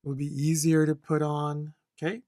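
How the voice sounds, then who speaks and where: A language instructor teaching test-takers, talking slowly and clearly and often checking in with "okay?". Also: mid-range voice, flat delivery, warm tone, dry recording, clean studio sound. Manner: slow, deliberate, repeats "okay?" to check learners. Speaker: CELPIP instructor. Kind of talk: slow, clear teaching to learners.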